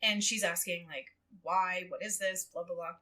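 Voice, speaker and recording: A woman chatting casually on a podcast, retelling a story with lively acted quotes and frequent laughter. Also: lowish voice, normal speed. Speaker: guest co-host. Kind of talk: casual podcast chat, recapping a book.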